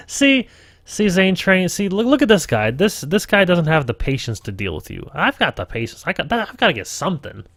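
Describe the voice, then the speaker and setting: A man with a gravelly voice talks through a live tutorial at his computer, casual and profane, often muttering to himself. The sound is close and dry with no room. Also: high voice, very animated, normal speed, long pauses, a bit bright, dry recording. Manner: rambling, profane, self-talking. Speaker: game master streaming a tutorial.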